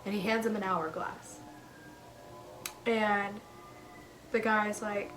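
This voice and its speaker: A woman casually retelling a spooky story in an animated way, acting out the characters' quoted lines with lots of "he goes" and "like". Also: mid-range voice, slow, long pauses, music in the background, poor audio.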